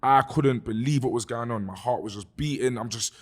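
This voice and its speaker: A man's voice: mid-range voice, a little fast. A young man with a London accent tells a story in a casual podcast chat. He talks animatedly, swears freely and says "bruv" a lot. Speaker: guest musician.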